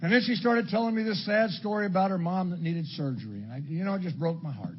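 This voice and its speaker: An older man from Illinois sharing his story at a recovery meeting, blunt and crude, with dark humor. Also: sits high, fast. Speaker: AA speaker. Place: meeting hall before an audience. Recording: dull lo-fi talk recording with faint background noise.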